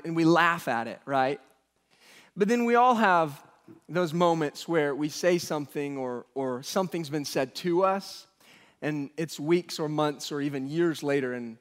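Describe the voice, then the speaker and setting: A man in his thirties preaching a sermon as pastor, telling funny stories with self-mocking humor and acting out the voices of the people in them. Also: fairly high pitch. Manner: humorous storytelling, acts out quoted voices. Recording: long hall reverb.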